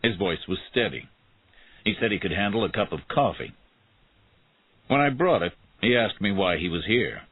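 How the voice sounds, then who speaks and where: Deep, husky male storyteller. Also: expressive, moderate pace, pauses often, no room sound. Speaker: narrator. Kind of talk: scripted narration of a graded reader. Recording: tinny phone-like sound.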